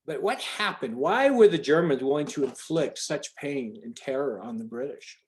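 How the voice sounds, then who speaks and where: A man's voice: mid-range voice, animated, moderate pace. A man leading a group video call, talking in a rambling, emphatic way with many restarts. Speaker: call organizer.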